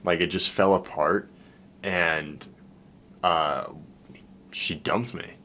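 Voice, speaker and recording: Deep-voiced man, candid coaching talk. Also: fairly even intonation, slow, pushed and bright, slight background noise. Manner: loose and candid, full of "dude" and "man"; emotional and heartfelt when recalling loneliness. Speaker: dating coach. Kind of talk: casual, profane monologue.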